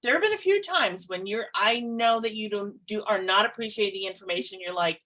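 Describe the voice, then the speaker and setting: A woman psychic co-hosting a podcast in casual chat, expressive, laughing often and swearing lightly. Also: medium pitch, fairly quick, rough recording.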